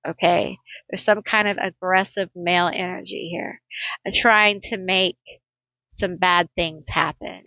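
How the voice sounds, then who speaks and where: A woman's voice: fairly low pitch, bright, forceful tone, no room sound, lo-fi sound. A woman giving a pick-a-card tarot reading, blunt and sassy, laughing often. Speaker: tarot reader.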